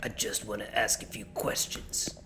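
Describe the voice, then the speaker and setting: A man doing a gruff cop voice. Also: on the low side, completely flat delivery, background noise, natural voice. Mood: stern. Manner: gruff, deliberate questioning. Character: gruff male cop hunting monsters.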